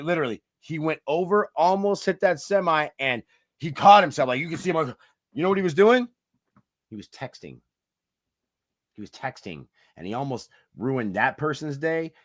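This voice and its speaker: A man's voice: fairly high pitch, a bit bright, no echo, clean studio sound. A man co-hosting a casual motivational talk show, talking in a hyped, preachy, slangy way. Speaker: podcast co-host.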